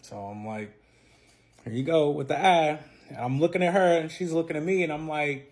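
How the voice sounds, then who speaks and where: A man telling a long personal story in a casual vlog, animated and profane, his voice jumping from loud bursts to quiet asides. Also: fairly high pitch, moderate pace.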